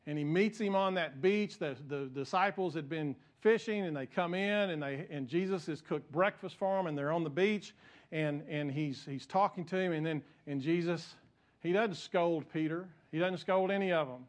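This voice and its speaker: A man's voice: fairly high pitch, normal speed. A male pastor, preaching a sermon in a conversational way that builds to emphatic peaks.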